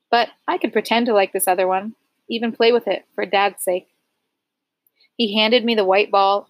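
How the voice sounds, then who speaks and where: A woman's voice: medium pitch, no echo, rough recording. Woman teacher reading a memoir aloud.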